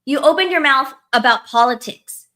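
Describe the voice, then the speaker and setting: A woman with a bright, slightly high voice rants in a casual podcast chat. She is heated and profane and leans on "like" all the time. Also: normal speed. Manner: heated, profane, lots of "like" fillers. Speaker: podcast co-host.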